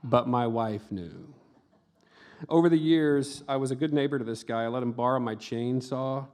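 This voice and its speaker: Before a book festival audience, a middle-aged man reads aloud from the memoir he wrote, his medium-pitched voice smooth and a touch fast. Dark jokes land in a deadpan tone, punctuated by brief, casual asides.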